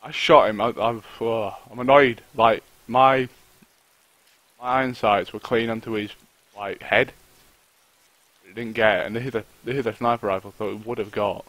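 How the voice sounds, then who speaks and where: A man's voice: lowish voice, steady tone, normal speed, a bit bright, dry recording, rough recording. Swearing man streaming a game. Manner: swears a lot, talks to himself and the game, frustrated outbursts. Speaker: streamer playing a survival game. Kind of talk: live gameplay commentary.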